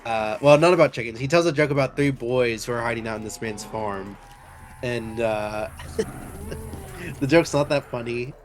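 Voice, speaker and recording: A man's voice: medium pitch, unhurried. Rambling young man, faint background hiss. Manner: rambling, hesitant, full of fillers and self-corrections. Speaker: book discussion host. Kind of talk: casual book discussion while playing a game.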